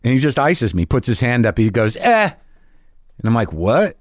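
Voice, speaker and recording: A man's voice: mid-range voice, expressive, moderate pace, dry recording, clean studio sound. A middle-aged man, a stand-up comic and host, telling a candid, profane story and acting out both sides of an argument.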